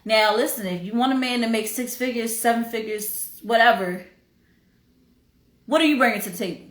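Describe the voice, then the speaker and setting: Emphatic high-voiced woman host. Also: normal speed, a bit bright, roomy sound. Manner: emphatic and preachy, breaks into song. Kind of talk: casual livestream talk.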